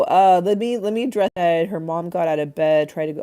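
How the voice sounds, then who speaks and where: A woman's voice: sits low, a little fast, hardly any pauses, mellow. A woman hosting a casual livestream from her phone, rambling, swearing casually and reading out viewer comments. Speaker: livestream host.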